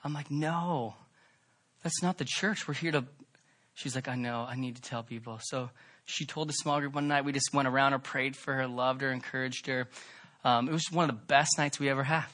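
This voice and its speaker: A man preaching a sermon, fervent and emphatic, rising to loud peaks and dropping to soft, pleading tones. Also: mid-range voice, steady tone, moderate pace. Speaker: pastor.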